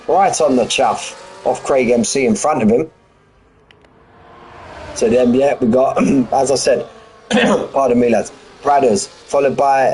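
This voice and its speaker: A man's voice: medium pitch, a little mellow, slight background noise, low-quality recording. A man giving live race commentary in a chatty, rambling, jokey way. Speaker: sim racing commentator.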